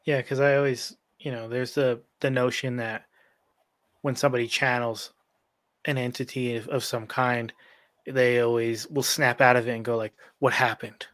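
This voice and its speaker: Man host, mid-pitched voice, dry recording, easygoing and hesitant. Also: normal speed, no echo. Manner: relaxed, hesitant, restarts questions. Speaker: podcast host. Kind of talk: casual interview chat.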